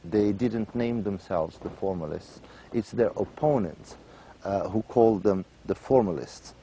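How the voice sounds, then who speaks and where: A man giving a university lecture. He repeats key points, checks in with "right?" and pauses often on "um" and "uh". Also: lowish voice, warm tone, lo-fi sound, slight background noise. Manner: many "um" and "uh" pauses. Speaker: literature lecturer.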